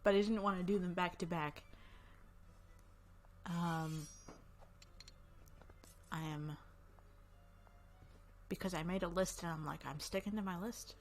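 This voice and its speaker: A woman's voice: fairly low pitch, steady tone, slow pace, pauses often. A woman casually chatting as she hosts a visual novel playthrough at her desk mic, upbeat and rambling, with frequent coughs. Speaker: let's play host. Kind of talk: casual gameplay commentary. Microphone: desk microphone.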